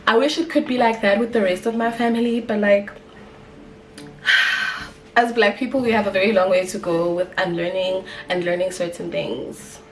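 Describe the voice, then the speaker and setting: A young South African woman telling a story in a casual, animated vlog, chatty and full of fillers. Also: mid-range voice, normal speed, distant mic, soft background music. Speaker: vlogger. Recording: roomy echo, off-mic.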